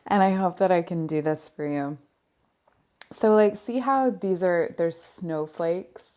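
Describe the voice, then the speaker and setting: Slow, low-voiced woman reading tarot. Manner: slow, soft-spoken, searching pauses. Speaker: tarot reader. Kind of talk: pick-a-card tarot reading. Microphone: headphones on, close mic.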